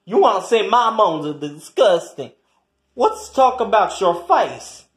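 A performer in an improvised comic quarrel, trash-talking and taunting with heavy swearing and swinging between loud jeers and low mutters. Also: very animated, unhurried, echoey room. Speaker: comedy skit performer.

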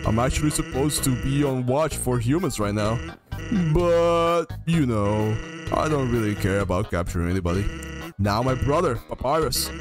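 A man voicing a laid-back, lazy male skeleton joker in a slow, low drawl, reading game dialogue on a livestream. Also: expressive, lightly acted. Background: game music.

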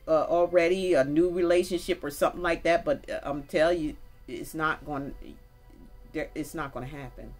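A woman with a deep, low voice reads tarot cards in a loose, chatty, folksy way and speaks right to her viewers. Soft music plays faintly behind her. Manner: chatty, folksy, talks straight to viewers with y'all. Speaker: tarot reader. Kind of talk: casual spoken tarot reading.

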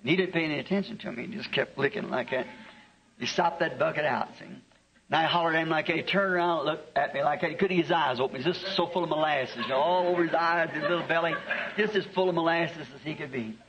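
A man's voice: on the high side, fast, crowd noise. A man, a preacher telling a homespun story in a sermon, chuckling through his anecdotes. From American South. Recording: dull lo-fi archive tape.

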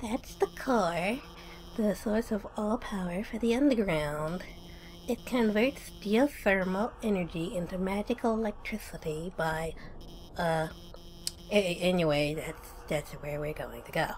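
A woman voicing a nervous female lizard scientist in a video game, with a halting, stammering delivery. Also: fairly low pitch, darkish tone, a little hiss or hum, natural voice.

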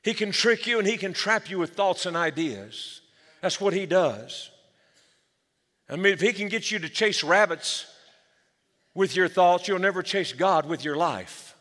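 A man's voice: high voice, animated, a little slow, sharp tone. A man preaching a sermon as pastor, with energy, calling the church for amens. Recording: long hall reverb.

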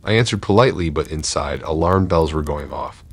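A man reading a first-person horror story in a measured, tense storytelling manner. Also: extremely low pitch, husky.

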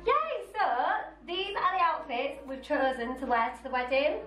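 A woman's voice: sits high, very animated, normal speed, fairly bright tone, reverberant, recorded from a distance, faint music behind, low-quality recording. A young woman vlogger, chatting casually and giggling while trying on outfits. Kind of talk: casual try-on haul chat.

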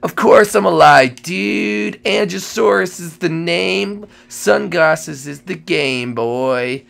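A man's voice: high-pitched, takes it slowly, creaky, fairly bright tone, heavily acted. A man voicing a laid-back surfer-dude male dinosaur who has just thawed from ice, talking in drawling slacker slang for a Minecraft role-play comedy.

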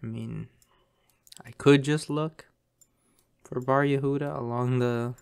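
A man's voice: mid-range voice, steady tone, takes it slowly, gravelly, a little mellow, clean tone. A man commentating a map guessing game, thinking aloud in a chatty way with lots of ums. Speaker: game streamer.

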